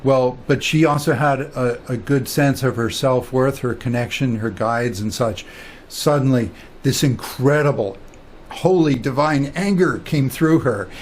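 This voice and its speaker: A man giving a loose spiritual talk at a middling pitch. He rambles through stories, full of fillers and restarts, and drops into quiet voices to quote people. A faint noise sits under the recording. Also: a little slow. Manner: storytelling, quoting others in quiet voices. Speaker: spiritual teacher.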